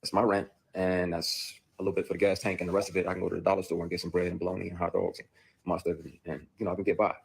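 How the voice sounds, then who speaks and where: A man's voice: sits low, level tone, rapid-fire, vocal fry, breathy edge. A man, an actor, bluntly and emotionally recounting a personal ordeal, with profanity. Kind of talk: played clip of a personal account.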